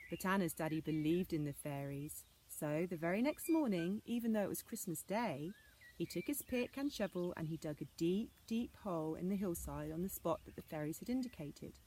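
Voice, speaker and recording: A woman reading an old fairy tale aloud as a storyteller, in a measured storybook manner. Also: lowish voice, expressive, a little mellow, slight background noise.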